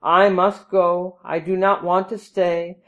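Gruff, scheming old male beggar for a storybook, put on by a woman narrator, pitched a touch low. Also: flat delivery, slow, highs cut off. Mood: insistent. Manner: gruff, snarling under his breath. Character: greedy harsh old male Brahmin beggar. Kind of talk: storybook reading.

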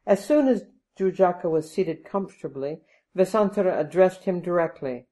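Woman narrator for a storybook, low-pitched, measured and even delivery. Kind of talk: storybook reading.

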